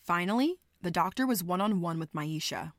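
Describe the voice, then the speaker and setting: A woman giving measured scripted narration for a podcast. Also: on the low side, lively intonation, no room sound, clean studio sound.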